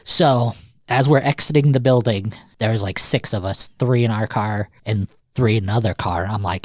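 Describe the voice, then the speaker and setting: A man's voice: lowish voice, normal speed, dry recording. A man co-hosting a podcast, telling rambling, self-correcting anecdotes in casual chat with swearing and laughter. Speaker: podcast co-host.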